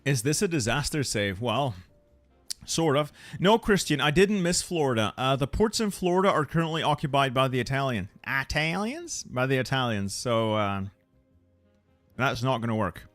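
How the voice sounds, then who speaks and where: A man talks through a strategy game in a loose, conversational way, often answering his viewers and repeating words under his breath. His pitch swings up and down a lot, with quiet music playing underneath. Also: big pitch swings, moderate pace, no room sound. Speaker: gaming channel host. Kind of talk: casual strategy game commentary.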